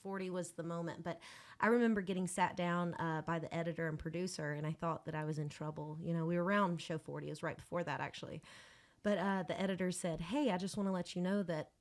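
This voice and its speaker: A woman's voice: lowish voice, steady tone, fast talker. A woman, a musician telling stories as a guest on a podcast in casual chat. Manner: chatty storyteller, talks with her hands.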